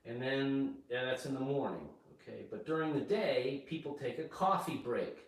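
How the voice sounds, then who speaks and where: A man teaching English at home, speaking slowly and plainly and checking in with "okay?" after nearly every phrase. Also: medium pitch. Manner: slow and repetitive, checks in with "okay?". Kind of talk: slow spoken English lesson. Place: home kitchen. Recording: echoey room, mic far off.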